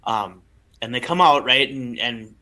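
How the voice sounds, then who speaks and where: A man co-hosting a casual podcast chat, rambling and restarting as he talks. His voice is very bright and his pitch sits in the middle. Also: measured pace, low-quality recording. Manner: rambling, conversational, with many restarts. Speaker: podcast co-host.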